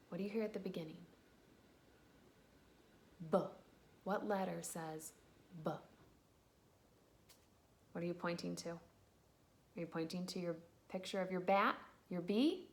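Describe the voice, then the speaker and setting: A woman teacher giving a slow, patient phonics lesson to young children, sounding out letters and cheering them on. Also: on the low side, a little hiss or hum.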